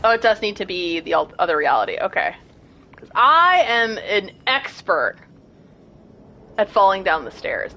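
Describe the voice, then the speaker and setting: A young woman streaming a game, chatting casually and self-deprecatingly, with bursts of excited squeals. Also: mid-range voice, normal speed. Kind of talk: casual gameplay commentary.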